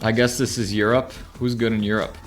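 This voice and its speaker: A man streaming a video game, talking casually and rambling, then bursting into loud excited shouts during play. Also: lowish voice, brisk, soft background music. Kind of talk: casual live gameplay commentary.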